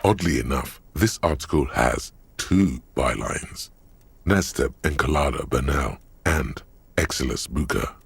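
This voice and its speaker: An actor voicing a wry male game narrator, telling the story in the second person with a measured, sardonic delivery. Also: extremely low pitch, expressive, creaky, slightly rough, no room sound, heavily acted. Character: deep-voiced male narrator, dry and wry. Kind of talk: scripted voiced narration.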